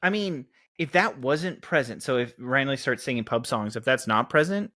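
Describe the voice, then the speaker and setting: A man's voice: mid-range voice, moderate pace. A man co-hosting a podcast, bantering and joking with silly asides. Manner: animated, jokey, puts on silly voices. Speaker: podcast co-host.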